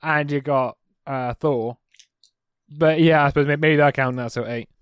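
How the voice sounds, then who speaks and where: A man on a podcast answering quiz questions with sarcastic, chatty remarks, thinking out loud. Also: on the high side, steady tone, normal speed, clean tone, no echo, clean studio sound. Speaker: podcast co-host, quiz contestant. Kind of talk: casual podcast chat.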